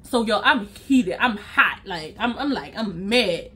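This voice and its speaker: Animated, bright-voiced woman storyteller. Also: mid-range voice, unhurried. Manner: animated, talks straight to viewers, acts out her own reactions. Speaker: vlogger telling a story. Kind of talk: casual storytime to viewers.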